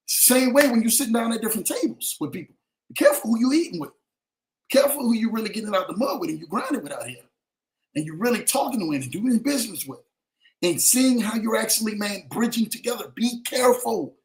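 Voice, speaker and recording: A man hosting a casual livestream show, telling stories and giving advice in an animated way, often checking in with his listeners. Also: high-pitched, roomy sound. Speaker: show host.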